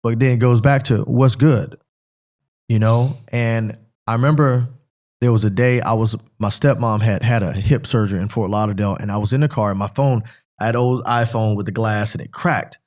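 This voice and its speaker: A man's voice: on the low side, steady tone, moderate pace, a little mellow. Earnest man telling his life story. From Pennsylvania. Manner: rambling and repetitive, earnest, breaks up with emotion. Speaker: guest, former football player. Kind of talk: emotional personal testimony.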